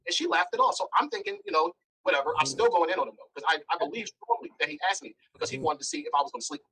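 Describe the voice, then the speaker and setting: A man's voice: on the high side, racing, slight background noise, rough recording. A man speaking as an interview guest, telling a blunt, candid story and acting out the dialogue. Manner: blunt, animated, acts out dialogue.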